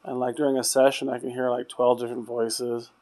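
A man's voice: mid-range voice, flat delivery, fairly quick. Rambling man on a night ghost hunt. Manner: rambling, trails off quietly. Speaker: paranormal investigator. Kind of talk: casual chat during ghost hunt. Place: old hotel room at night.

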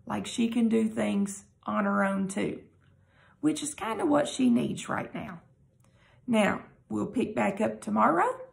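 Teacher lady reading a book to her class, explains stuff casually, kinda high, creaky voice. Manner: explaining gently, conversational.

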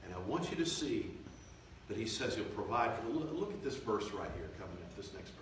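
A man preaching a revival sermon, swelling loud and slow for emphasis, then dropping to quiet, confiding tones. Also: lowish voice, sing-song, a little hiss or hum. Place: church sanctuary. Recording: echoey church from far off.

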